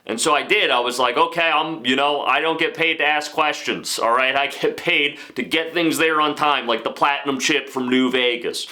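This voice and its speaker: A man's voice: on the high side, normal speed, hardly any pauses, pushed and bright. A man hosting a comedy podcast, telling a rambling story with self-aware asides. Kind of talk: comic storytelling.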